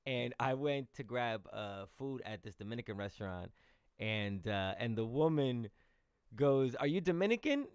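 A young man hosting a podcast and chatting casually. He tells stories in an animated, comedic way. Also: lowish voice, clean tone, no room sound. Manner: animated storyteller, quick and chatty. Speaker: podcast host and stand-up comedian. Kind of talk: casual conversation.

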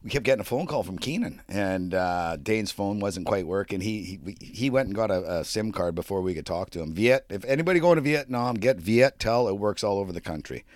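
A man co-hosting a podcast, telling a travel story in casual chat, profane and animated. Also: lowish voice, fairly quick, few pauses, no echo. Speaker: podcast co-host.

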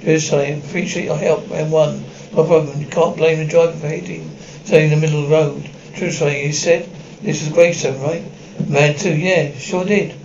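A man's voice: on the high side, steady tone, moderate pace, creaky, darkish tone, muffled recording, slight background noise. A man reading an anime episode script aloud. He reads the stage directions and all the parts in one plain voice and often stumbles over words. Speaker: script reader.

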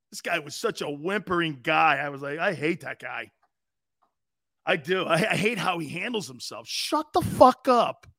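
A man's voice: sits high, a bit bright, dry recording, clean studio sound. A man in his fifties hosting a live sports talk show, brash and profane, mocking players as he talks.

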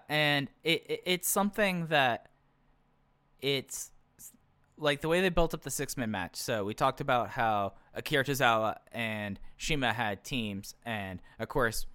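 The second co-host is also a man with a mid-range voice that comes across pushed and bright on a dry recording. He's casually talking through a wrestling show, opinionated and frequently starting his sentences over.

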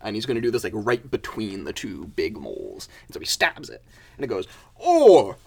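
Man, tabletop game player, gravelly voice, lively pitch, hesitant, lots of fillers. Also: fairly quick. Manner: hesitant, many fillers and restarts. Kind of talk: casual narration of a tabletop game.

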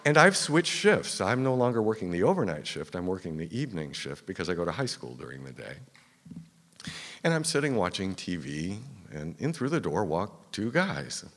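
A deep-voiced man, very animated and fairly bright, speaks at a moderate pace as he dramatically recounts a true first-person story to a live theater audience. At the tense points he sinks into a whisper, and the hall carries a long reverb.

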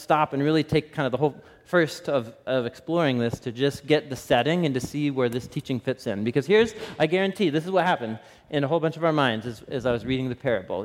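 A man in his thirties preaching a sermon, telling a family story with laughs and frequent asides to the congregation. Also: fairly high pitch. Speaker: pastor. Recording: reverberant hall.

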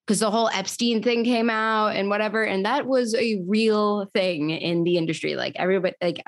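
A woman's voice: on the low side, no echo, studio quality. A young woman, telling her story in a chatty way full of fillers during an interview. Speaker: podcast host, guest. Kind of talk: casual interview chat.

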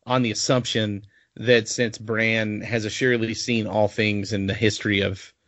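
A man's voice: on the low side, little pitch movement, moderate pace, a bit bright, no room sound. A man in a casual podcast chat, matter-of-fact and laid-back.

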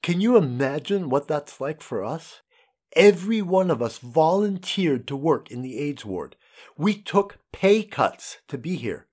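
Gentle Jamaican nurse woman, soft and pleading, lively inflection, read by a male narrator. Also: fairly high pitch, unhurried, breathy edge, full character voice. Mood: tender pleading. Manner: soft, pleading, tender endearments.

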